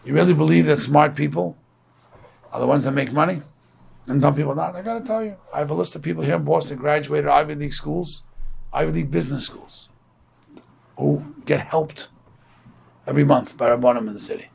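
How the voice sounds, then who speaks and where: Gravelly-voiced man telling stories in a lecture. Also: on the high side, brisk, long pauses. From Brooklyn, New York. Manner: conversational, storytelling with animated quoted voices. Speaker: Torah class teacher. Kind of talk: informal Torah lecture with storytelling.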